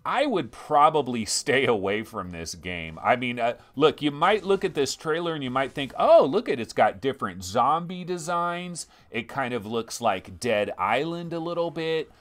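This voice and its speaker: A male host reviews VR games in a loose, slangy way and slips into rants. His pitch swings widely and climbs high when he gets worked up. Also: normal speed, hardly any pauses. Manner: animated, ranting, slangy. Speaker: VR game show host. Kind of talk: casual game review talk.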